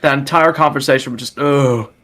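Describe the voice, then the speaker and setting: A man's voice: medium pitch, brisk, fairly bright tone. Giggly, rambling male podcaster. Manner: giggly, rambling, stammering restarts. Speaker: podcast co-host. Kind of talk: casual chat.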